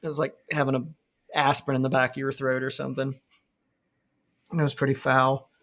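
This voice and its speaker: A man hosting a podcast in casual chat, telling lively stories, swearing freely and laughing often. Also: medium pitch, a little fast. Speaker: podcast host.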